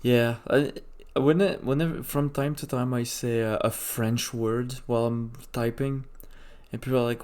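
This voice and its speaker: A man's voice: mid-range voice, steady tone, moderate pace, a little mellow. A man in casual podcast chat, explaining things plainly and swearing now and then.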